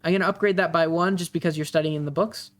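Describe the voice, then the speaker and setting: A game master running a tabletop game in a relaxed way, with many fillers and pauses. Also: medium pitch.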